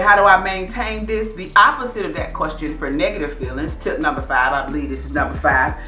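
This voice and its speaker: A woman's voice: mid-range voice, bright, forceful tone, echoey room. A middle-aged woman hosting her own vlog, talking casually and encouragingly to her viewers and calling them y'all. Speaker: vlog host.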